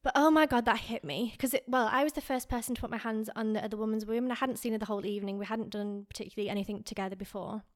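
On a podcast, a female co-host tells an emotional story, close to tears and leaning heavily on "like." Her voice sits on the high side, with a steady tone and a rapid-fire pace that leaves hardly any pauses.

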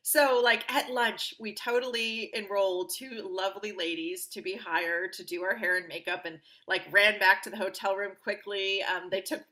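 A woman with a bright, clear voice talks through her own stories as a podcast guest. She is upbeat and animated and acts out the voices of the people she quotes. The delivery is loose and conversational. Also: mid-range voice, moderate pace, few pauses. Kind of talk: conversational interview storytelling.

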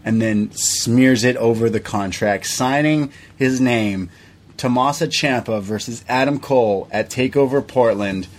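A man co-hosting a podcast, retelling events in a casual, animated way and acting out what people said. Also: mid-range voice, unhurried. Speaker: podcast co-host. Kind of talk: casual recap chat.

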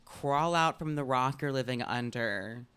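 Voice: medium pitch, measured pace, a bit bright, clear, resonant tone. A young podcast co-host in casual chat, blunt and emphatic.

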